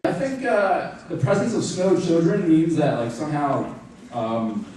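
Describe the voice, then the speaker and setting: A man's voice: fairly high pitch, a little slow, background noise. A young man doing stand-up comedy, rambling through stories with lots of fillers, in front of a live crowd. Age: young adult. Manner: rambling, filler-heavy storytelling. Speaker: student stand-up comic. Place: large university hall, live audience. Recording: echoey hall, distant mic, audience laughter.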